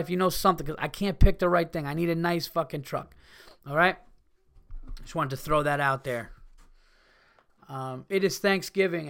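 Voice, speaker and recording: A man hosting a casual solo podcast, ranting in a profane, animated way. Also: a little high. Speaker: podcast host.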